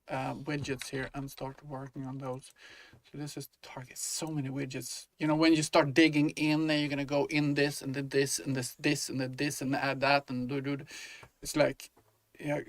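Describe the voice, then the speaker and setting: In a relaxed game-dev vlog, a man with a medium-pitched voice thinks aloud as he works, rambling with frequent fillers and restarts. The indie developer's recording has no room sound.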